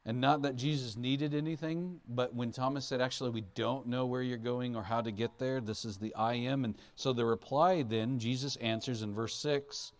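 A man's voice: medium pitch, fairly even intonation, normal speed, few pauses. A man preaching a sermon as a pastor in a conversational way, asking the listeners questions. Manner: conversational, asks the audience questions; acts out Bible figures in playful voices.

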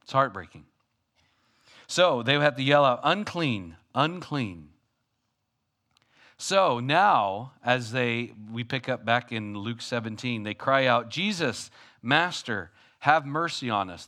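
A man preaching a sermon as pastor, animated, moving between loud calls and quiet asides. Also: mid-range voice.

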